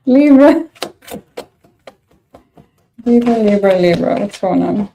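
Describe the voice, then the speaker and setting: A woman's voice: on the high side, lively intonation, drawn-out words, mellow, highs cut off, soft background music. Blunt, exasperated woman reading tarot. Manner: blunt, exasperated, swears freely. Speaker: tarot reader. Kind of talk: casual tarot reading to camera.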